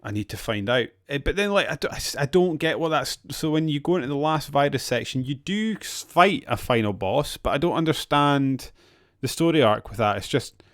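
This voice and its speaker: Recorded dry with clean studio sound, a man co-hosts a podcast in casual conversation. His voice is a little high, a bit bright, and expressive, and he talks fairly quickly. He comes across as hesitant, frequently restarting and laughing between his remarks.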